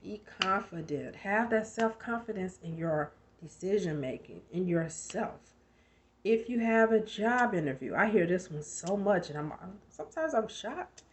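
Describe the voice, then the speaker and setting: A woman's voice: mid-range voice, lively intonation, unhurried, a little hiss or hum. A woman in her thirties giving a conversational motivational talk, emphatic and full of rhetorical questions. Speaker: motivational speaker.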